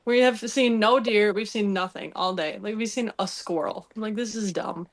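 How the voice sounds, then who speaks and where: Animated young woman telling a story. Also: medium pitch, normal speed, hardly any pauses. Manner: animated, laughing storyteller acting out quotes. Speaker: podcast guest telling a hunting story. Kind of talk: casual storytelling.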